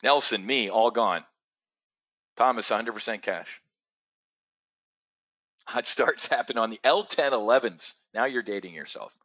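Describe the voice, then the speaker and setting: Blunt, bright-voiced middle-aged man. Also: medium pitch, measured pace, long pauses. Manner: blunt, profane and emphatic; addresses viewers directly by name. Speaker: trading show host. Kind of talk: live market commentary.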